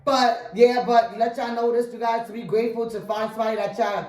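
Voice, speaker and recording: Woman vlogger, casual storytime, quick rambling delivery, roomy echo. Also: fairly high pitch, steady tone, darkish tone, distant mic. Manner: rambling, addresses viewers as "you guys". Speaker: vlogger telling the couple's story.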